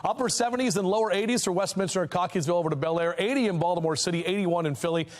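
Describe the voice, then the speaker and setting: A man's voice: high-pitched, rapid-fire. A man giving a live TV weather forecast in a studio, chatty and joking with co-anchors. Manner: chatty, jokey and upbeat. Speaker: TV meteorologist.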